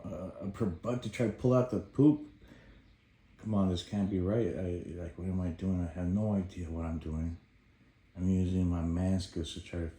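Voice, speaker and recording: A man telling a personal story about helping his baby daughter, animated as he acts out his past shouts, then quieter and reflective. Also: low-pitched, echoey room.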